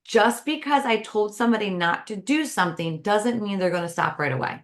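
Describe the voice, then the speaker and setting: A woman, a podcast guest, giving casual advice on handling stress in a lively way, acting out everyday exchanges as she talks. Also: mid-range voice, brisk. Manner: lively, acts out everyday dialogue.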